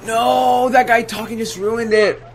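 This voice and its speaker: A young man giving excitable, trash-talking live commentary over his own gameplay, full of gamer slang. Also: very high-pitched, a little slow, faint music behind. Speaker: gaming channel host.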